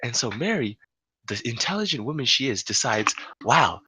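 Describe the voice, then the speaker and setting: A man's voice: mid-range voice, very animated, moderate pace, background noise. A young man telling a long story to friends in a casual, profane way, laughing often. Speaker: storyteller on a podcast.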